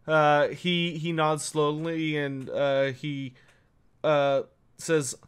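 A man narrating as game master of a tabletop game, halting often with fillers. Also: on the high side, little pitch movement, clean tone. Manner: halting, lots of uh.

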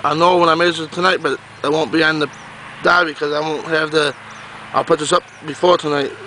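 A pumpkin grower gives a rambling, casual walking tour of his garden outdoors, talking to a handheld camera and repeating himself. His voice is a little high, steady, sharp, and fairly quick, on a low-quality recording with slight background noise.

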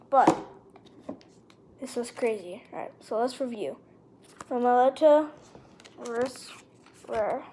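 High-voiced excitable woman opening cards. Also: a little hiss or hum. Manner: excitable, gushing over pulls, lists cards quickly. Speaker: card unboxing vlogger. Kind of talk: casual unboxing commentary. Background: card and wrapper crinkling.

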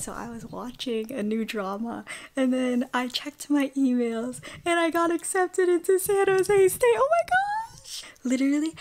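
A high-pitched teenage girl talks into her phone in a casual video diary, bubbling with excitement. She often drops to a sleepy whisper and sounds close to tears. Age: high school senior, about 18. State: sleepy, just woke up. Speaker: vlogger. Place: bedroom, in bed.

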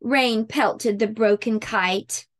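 A woman teaching preschool circle time who reads a picture book aloud with expressive sound words. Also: on the high side, slow.

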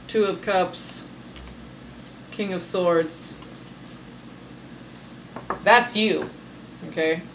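A woman's voice: fairly low pitch, extremely slow, pauses often, a bit bright, a little hiss or hum, rough recording. A woman giving a casual, sassy tarot reading, talking emphatically and laughing often. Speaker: tarot reader.

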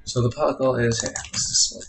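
This man's mid-range voice swoops wildly in pitch, and he talks fast on a rough recording. He streams himself coding a game, narrating his thoughts and muttering as he types, while music and keystrokes sound behind him.

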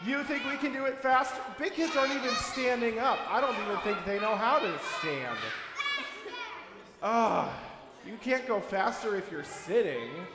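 A man's voice: very high-pitched, lively intonation, moderate pace, very noisy. Playful man leading children's chapel. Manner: playful, coaxing a young crowd, bursts of shouting and singing. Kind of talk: children's chapel talk with songs. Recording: echoey hall, long reverb.

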